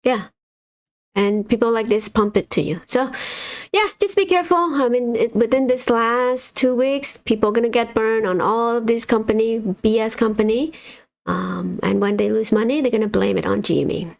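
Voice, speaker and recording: A woman's voice: fairly high pitch, steady tone, normal speed, creaky. A woman hosting a casual livestream, giving exasperated, blunt commentary on stocks while reading figures off a screen. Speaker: stock market livestream host.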